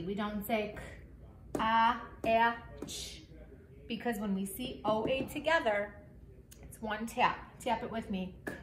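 A woman teaching a phonics lesson to second graders, speaking slowly and clearly with lots of encouragement and spelling words out letter by letter. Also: fairly high pitch. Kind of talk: remote phonics lesson for children. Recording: echoey room, faint background hiss.

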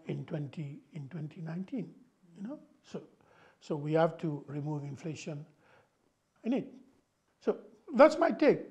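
A man's voice: on the high side, dark tone. Emphatic Mauritian man explaining policy. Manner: emphatic, explanatory, peppers speech with "you know". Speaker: guest, former finance minister. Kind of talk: interview.

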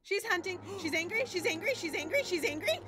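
Very high, lively young woman streamer. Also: fairly quick. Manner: excitable, panicky, talks to chat. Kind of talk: live gameplay commentary.

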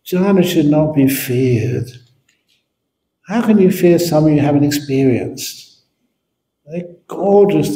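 A man's voice: on the high side, dark tone. A man, a Buddhist monk teacher, answering questions at an evening talk with humor and playful storytelling. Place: meditation centre hall. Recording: echoey hall.

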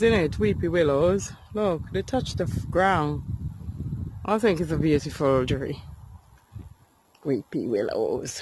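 A woman's voice: mid-range voice, slight background noise. A woman vlogging outdoors by a river while walking her dog, talking to it in a coaxing, sing-song way. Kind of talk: casual outdoor vlog chat.

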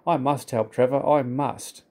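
A man's voice: mid-range voice, fairly even intonation, unhurried, a little mellow. A man voicing a kind, eager old male steam engine who fusses and gets indignant. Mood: fretting. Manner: earnest, fussing, indignant.

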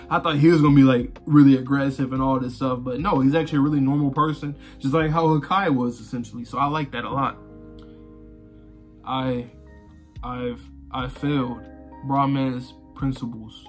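A man casually talking through his reaction to a manga, rambling and conversational, swearing freely and filling gaps with "you know" and "like.". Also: medium pitch. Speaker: manga reaction channel host.

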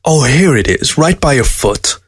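A man's voice: mid-range voice, lively intonation, normal speed, breathy edge, dry recording, clean studio sound, pitched above the performer's own voice. A man voicing a weary, subdued old man in a storybook reading.

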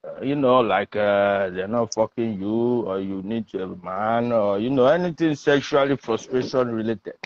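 A man's voice: lowish voice, a little slow, hardly any pauses, no echo. A man hosting a casual live chat, joking and switching between Igbo and English. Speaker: host. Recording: dull dry lo-fi audio.

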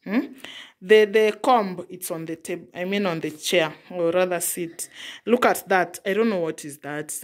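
A woman's voice: fairly low pitch, moderate pace. A young mother from Africa scolding her child at home, exasperated, repeating herself. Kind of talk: casual scolding vlog.

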